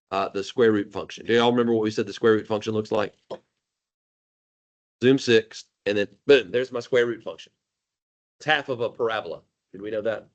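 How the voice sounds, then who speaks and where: A man teaching a high school math class live, joking and calling on students by name. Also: lo-fi sound.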